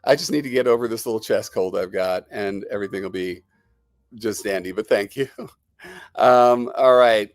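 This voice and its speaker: A man's voice: on the low side, normal speed, dry recording. A man hosting a live stream, chatting to viewers and answering their comments in a rambling, enthusiastic, salesman-like way. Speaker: host.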